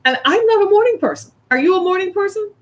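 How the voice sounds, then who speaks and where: A middle-aged woman from the American South, chatting casually as a host, animated and laughing often as she plays out little scenes. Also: extremely high pitch, quick pace. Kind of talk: casual chat.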